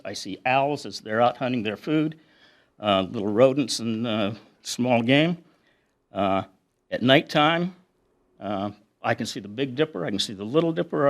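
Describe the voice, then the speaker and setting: Middle-aged guy at a council meeting podium, earnest, lists his points one by one, medium pitch. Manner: earnest, lists points and reads quotes aloud. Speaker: resident giving public comment. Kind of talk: prepared public comment at a council meeting.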